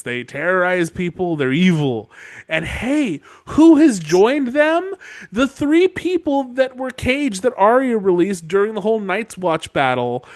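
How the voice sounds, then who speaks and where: A man co-hosting a podcast, casually retelling a book chapter with playful, animated storytelling. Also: on the high side, dry recording, clean studio sound. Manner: animated storytelling, quotes characters in playful voices. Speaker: podcast co-host. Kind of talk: casual book-recap chat.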